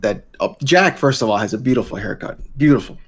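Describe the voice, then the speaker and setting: A man co-hosting a casual gaming podcast, teasing the chat with slow, drawn-out jokes, talking into wireless earbuds. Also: medium pitch, expressive, husky. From Florida, US. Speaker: podcast co-host.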